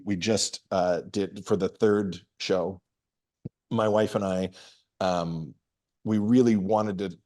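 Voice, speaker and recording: Low-voiced man telling stories relaxed. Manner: relaxed storytelling with frequent restarts and laughs. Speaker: guest comedian and performer. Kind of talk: casual interview answers.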